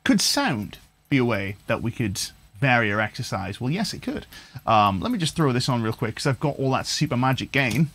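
A man's voice: medium pitch, sing-song, brisk, fairly bright tone, slightly rough. Chatty man teaching guitar. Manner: chatty, enthusiastic, thinking aloud with fillers. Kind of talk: livestream guitar lesson. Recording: guitar playing in background.

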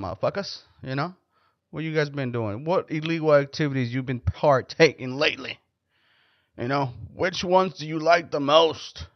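A man's voice: a little high, normal speed, no echo. A man hosting a podcast, telling stories in a loose, profane, rambling way. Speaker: podcast host. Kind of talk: casual storytelling podcast chat. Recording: dull lo-fi recording.

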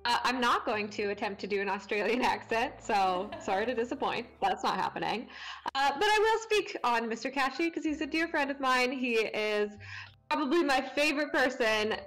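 A woman's voice: fairly high pitch, animated, normal speed, a bit bright. A woman co-hosting a stream award show, upbeat and gushing about friends. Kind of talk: casual livestream chat.

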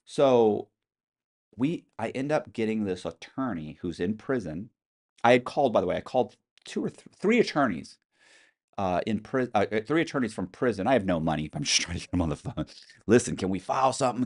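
A man with a fairly low voice tells a story in a casual interview, his pitch leaping around as he acts out the people in it. He is blunt and swears freely. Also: fairly quick. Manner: animated storyteller acting out quoted voices. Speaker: interview guest.

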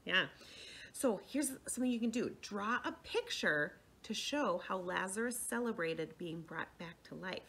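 Gentle woman telling kids a Bible story. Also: mid-range voice, animated, unhurried, slight background noise. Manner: gentle, checks in often with "right?" and "okay?". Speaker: children's faith formation director.

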